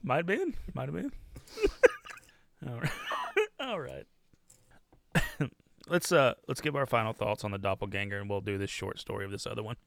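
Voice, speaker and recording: A man's voice: on the low side, animated, normal speed, long pauses, a bit bright, no echo. A man co-hosting a podcast who laughs often through casual chat. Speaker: podcast co-host.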